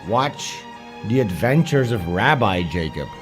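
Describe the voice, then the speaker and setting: A man's voice: on the low side, lively intonation, unhurried. A man hosting a livestream, chatting casually and joking as he watches a film, with music playing behind him. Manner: joking, irreverent, swears freely, laughs at what he watches. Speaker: livestream host.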